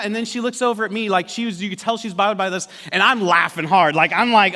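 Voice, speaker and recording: A man's voice: high voice, fast, few pauses. A pastor in his forties telling a humorous family story in a sermon, acting out the people in it with dry sarcasm. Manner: animated storyteller, acts out quoted family members, dry sarcasm. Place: church auditorium. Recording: long church hall reverb.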